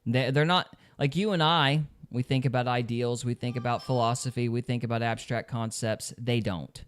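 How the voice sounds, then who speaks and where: A man's voice: mid-range voice, fairly even intonation, normal speed, clear, resonant tone. A man hosting a podcast in casual chat, opinionated and mocking others in quoted voices. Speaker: podcast host.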